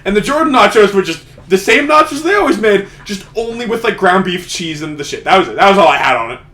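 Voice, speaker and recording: A man's voice: high voice, animated, fast, bright, forceful tone. A young man co-hosting a casual podcast, rambling and swearing as he tells stories, often laughing through them. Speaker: podcast co-host.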